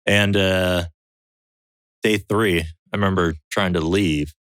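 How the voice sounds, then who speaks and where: This survival show veteran, appearing as a podcast guest, speaks slowly in a low, clear, resonant voice, recorded dry. Telling a story in casual conversation, he swears freely. He acts out other people's lines with animation, raising his voice for the quotes.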